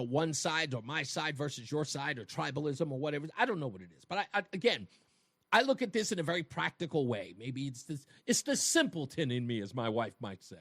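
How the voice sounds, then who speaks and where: Man, radio talk host, emphatic monologue, high voice, lively pitch swings. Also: no room sound, clean studio sound. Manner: emphatic, rhetorical, addresses listeners directly. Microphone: studio microphone.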